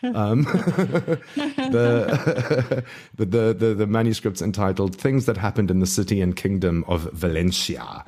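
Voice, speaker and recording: A man's voice: lowish voice, big pitch swings, slow, darkish tone. A man co-hosting a podcast in casual chat, rambling and laughing often as he loses his thread. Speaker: podcast co-host.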